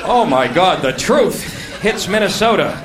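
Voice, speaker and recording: A high-pitched, animated man does stand-up at a comedy club, brash, profane and mocking, at a measured pace. The live recording picks up noise, crowd sounds and audience laughter.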